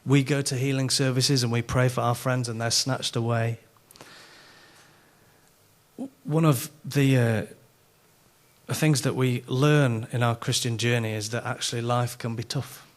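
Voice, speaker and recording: A middle-aged man with a Yorkshire accent, giving a sermon as a conference speaker and telling self-mocking stories in an animated way. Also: medium pitch, a little slow. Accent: Yorkshire English.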